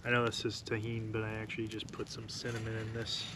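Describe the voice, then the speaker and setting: A man with a fairly low, monotone voice talks fast as he vlogs a solo camping trip, chatting casually to the camera while cooking by a fire at a forest campsite. He's easygoing and sometimes murmurs softly. Outdoor noise runs in the background.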